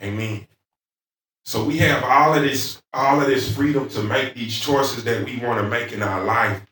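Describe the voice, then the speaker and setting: A man with a Southern accent preaching a sermon in church, starting soft and halting with frequent pauses and rising to loud, fervent calls. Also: mid-range voice. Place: church sanctuary. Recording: echoey church sanctuary, mic at a distance.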